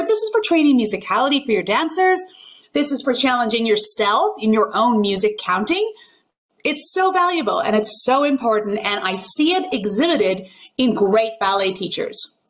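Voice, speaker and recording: A woman's voice: on the high side, fairly bright tone. A woman who works as a ballet pianist, giving an instructional video talk in an emphatic, well-enunciated coaching tone. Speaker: ballet pianist and teacher educator.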